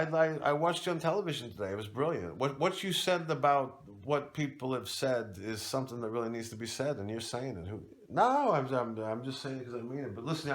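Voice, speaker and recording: A man's voice: mid-range voice, voice pushed down, close to an everyday voice. A man playing a self-important, profane online free-speech warrior in a comedy sketch, talking in bombastic war terms. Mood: chummy. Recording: echoey, mic far off.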